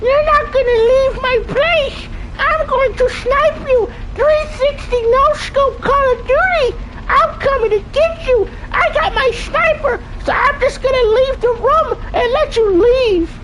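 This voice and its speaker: A man putting on the voice of a squeaky, erratic male game character with a shrill, mocking delivery. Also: unhurried, few pauses, heavy background noise. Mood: mocking squeak.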